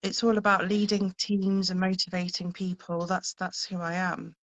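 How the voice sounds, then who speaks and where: A woman's voice: on the low side, monotone, moderate pace. A woman hosting a casual chat, effusive and motivational, with lots of fillers. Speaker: host. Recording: slightly dull lo-fi audio.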